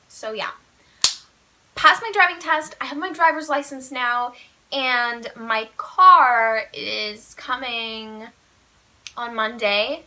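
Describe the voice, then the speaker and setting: A teenage girl spills a storytime to her viewers in a chatty, animated rush, with "like" in nearly every phrase. Her voice sits high and sounds bright and sharp. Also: slow. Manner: chatty, fillers of "like", animated retelling. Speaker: vlogger. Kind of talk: casual storytime vlog.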